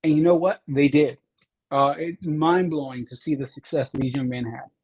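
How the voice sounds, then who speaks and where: A man's voice: on the high side, steady tone, normal speed, darkish tone, slightly rough, low-quality recording. A man from Chicago, a state representative, telling his life story earnestly in an interview. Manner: earnest storyteller, acts out quoted teachers. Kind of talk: interview conversation.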